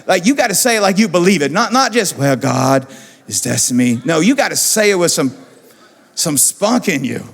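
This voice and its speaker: A man preaching as pastor, animated and repeating phrases for emphasis, in a church auditorium. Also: sits high, fairly quick, slightly rough. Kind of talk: sermon. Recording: long church hall reverb.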